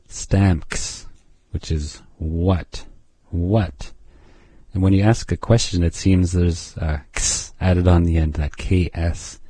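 A man teaching an Indigenous language, slowly drilling each word and sound. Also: low voice, mellow, husky, dry recording. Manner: slow, careful pronunciation drills. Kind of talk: language lesson.

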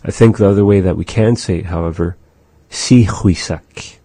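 A man teaching vocabulary in a language lesson, slowly explaining phrases and modeling pronunciation for learners to repeat. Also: low-pitched, fairly even intonation, dark tone, husky, no room sound. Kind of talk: language lesson with repetition drills.

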